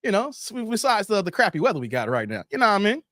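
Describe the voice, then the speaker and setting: Male stream host, higher voice, playful banter, dry close sound. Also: huge pitch swings, quick pace, a bit bright, dry recording. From Chicago area. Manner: laid-back, playful, trash-talking banter. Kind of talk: casual live stream chat reading comments.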